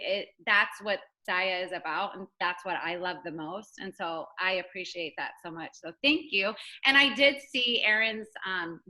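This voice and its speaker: A woman's voice: mid-range voice, sharp tone, low-quality recording. A woman hosting an online team call who thanks her guest in an effusive, emotional, gushing way. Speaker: meeting host. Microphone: video call.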